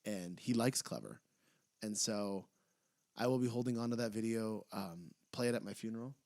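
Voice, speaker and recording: A young man co-hosting a casual wrestling podcast, excitable, his voice jumping up when he retells funny moments. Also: fairly low pitch, moderate pace. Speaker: podcast co-host. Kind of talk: casual chat.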